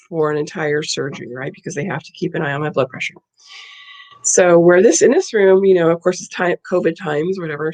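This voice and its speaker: A woman's voice: on the low side, a little mellow. A woman vlogger telling a story in a casual, blunt and indignant way.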